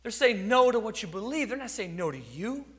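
A man's voice: sits high, big pitch swings, brisk, big-room sound. A man preaching a sermon, acting out little dialogues and chuckling now and then. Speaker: pastor.

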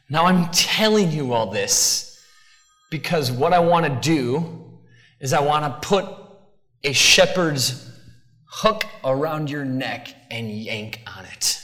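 An animated male pastor preaching in a bright, ringing voice that swings widely in pitch. He talks conversationally, with asides to the congregation. The sound carries a long reverb from a big hall. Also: takes it slowly. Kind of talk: sermon.

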